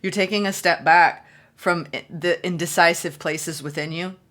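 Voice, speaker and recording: A woman giving a solo tarot reading, excitable and gushing, repeating phrases for emphasis. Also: fairly low pitch, moderate pace. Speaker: tarot reader.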